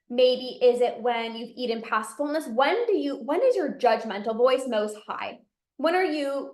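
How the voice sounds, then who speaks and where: A woman with a high voice talks earnestly and casually, coaching the listener with plenty of "like" and "right?". Her voice carries a noticeable echo from the room around her. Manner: earnest, conversational, many "like" and "right?" fillers. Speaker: binge eating coach. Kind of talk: casual direct-to-camera advice.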